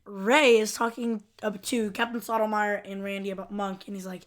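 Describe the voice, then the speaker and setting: A woman's voice: mid-range voice, level tone, normal speed, hardly any pauses. A woman co-hosting a podcast, casually retelling TV scenes with quoted dialogue and frequent giggles. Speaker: podcast co-host. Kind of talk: casual chat recapping a TV episode.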